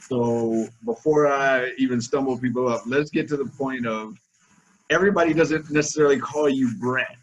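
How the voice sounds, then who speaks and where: A man's voice: mid-range voice, moderate pace, dull audio, slight background noise. A man hosting a casual webinar interview over a video call, upbeat and slangy, calling his guest "man" again and again. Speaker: webinar host.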